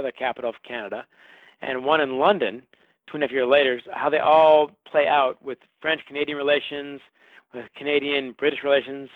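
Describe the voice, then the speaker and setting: A man's voice: medium pitch, no echo. A male author answering interview questions, telling history with a wry, storytelling manner. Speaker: author guest. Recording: phone-like line.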